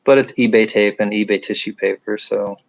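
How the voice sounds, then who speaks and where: A man's voice: lowish voice, fairly even intonation, brisk, creaky, rough recording. A middle-aged man with a nasal upstate New York accent, hosting a casual livestream chat at home at night, joking and rambling as he reads viewer comments. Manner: rambling, joking, self-deprecating asides. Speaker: livestream host reading chat.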